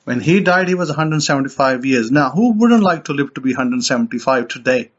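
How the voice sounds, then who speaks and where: A man's voice: mid-range voice, expressive, a little fast. A man preaching an informal sermon in a conversational way, often repeating and restarting his phrases. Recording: dull lo-fi recording.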